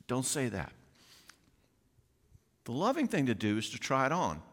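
A middle-aged man giving a folksy, animated conference talk, often acting out quoted voices. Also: mid-range voice, measured pace, long pauses. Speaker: conference speaker. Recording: long reverb of a large hall.

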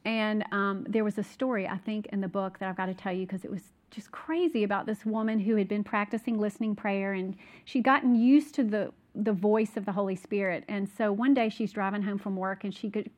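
A woman's voice: medium pitch, steady tone, a little fast, hardly any pauses, darkish tone. A woman telling personal stories in a casual, rambling way, full of fillers and asides. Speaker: speaker recounting a conference.

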